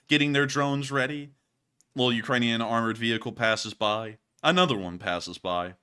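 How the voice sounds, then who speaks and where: Jokey man with a lively, bright voice. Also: mid-range voice. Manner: jokey, rambling, laughs at himself. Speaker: war news commentator. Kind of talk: casual commentary over footage.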